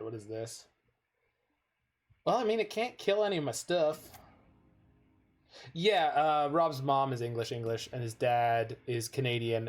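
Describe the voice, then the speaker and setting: A North American man chatting casually with viewers while playing a card game, rambling off into stories. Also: medium pitch. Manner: rambling, digressive storytelling. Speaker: game streamer.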